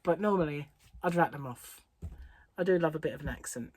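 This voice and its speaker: A woman's voice: low voice, brisk, darkish tone. A middle-aged woman vlogging about crochet, chatting in a rambling way and laughing often. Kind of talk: casual chat. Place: home on an English island.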